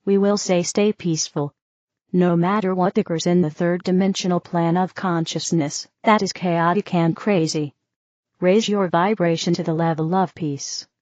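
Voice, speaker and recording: A woman's voice: fairly low pitch, steady tone, normal speed, a little mellow, no echo, close to an everyday voice. A woman voicing a serene, reassuring female spirit teacher who keeps saying "you see", in a dull, dry recording. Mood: soothing.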